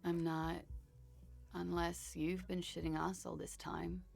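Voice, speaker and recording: A gravelly deadpan young smoker. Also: female voice, lowish voice, takes it slowly, faint music behind, exaggerated voice. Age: 20s. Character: young woman, wry, dry-humored, smoking. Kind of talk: dubbed game dialogue.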